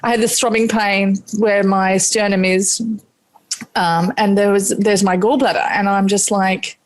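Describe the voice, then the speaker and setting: A woman's voice: medium pitch, unhurried. A middle-aged Australian woman chef, a podcast guest, telling a candid personal story, swearing freely and acting out what she said at the time. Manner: animated, swears freely, acts out her own past remarks.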